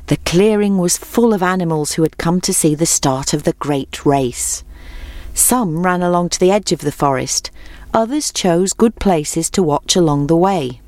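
Low-voiced woman reading a storybook. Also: darkish tone, no room sound. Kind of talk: storybook read-aloud.

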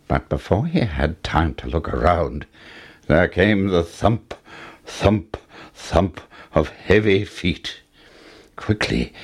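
A man reading a fairy tale aloud as a storyteller, in slow, expressive scripted storybook narration. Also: a bass voice, vocal fry, slightly rough.

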